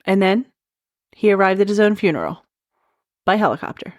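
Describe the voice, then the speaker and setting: A woman's voice: mid-range voice, expressive, brisk, no room sound, studio quality. A woman hosting a comedic true crime podcast in casual chat, often breaking into cackling laughter. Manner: giggly, keeps breaking into loud cackling laughter. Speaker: podcast host.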